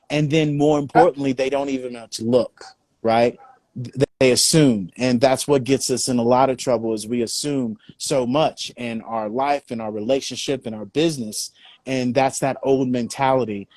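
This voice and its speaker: A man's voice: mid-range voice, fairly even intonation, moderate pace, darkish tone, no room sound. A man speaking as a business coach, earnest and motivational, with many filler phrases.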